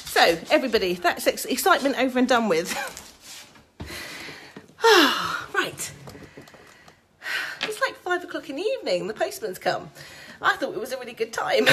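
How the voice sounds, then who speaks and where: A woman's voice: on the low side, fairly bright tone, breathy edge. A woman, a psychic card reader, chatting on a casual live stream from home, laughing often and talking straight to her viewers.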